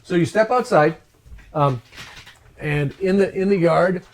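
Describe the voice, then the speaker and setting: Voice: medium pitch, unhurried. A dungeon master narrating a tabletop game at home, casual and full of ums. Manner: hesitant, many ums, casual. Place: home with family.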